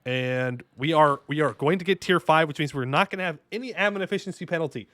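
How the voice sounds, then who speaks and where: A man streaming a strategy game, commenting casually and excitably, talking to himself and his chat with jokey asides. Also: fairly high pitch, quick pace, no echo. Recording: faint music behind the voice.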